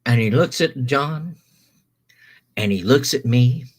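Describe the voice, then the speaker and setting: A man's voice: medium pitch, expressive, slow pace, breathy edge. A man hosting a stream, telling a long story casually, rambling with many restarts and self-corrections.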